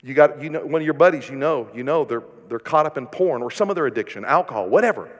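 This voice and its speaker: A pastor preaching a sermon, firing rhetorical questions at the congregation and swinging between loud emphasis and hushed, tender passages. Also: male voice, mid-range voice, animated, fast, in a large hall.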